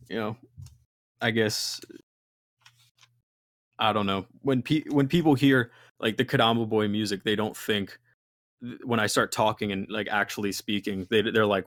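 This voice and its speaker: A man's voice: lowish voice, fairly bright tone, no room sound, clean studio sound. A young man, a musician guest, talking casually in a rambling, swearing way with lots of fillers. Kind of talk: casual interview chat.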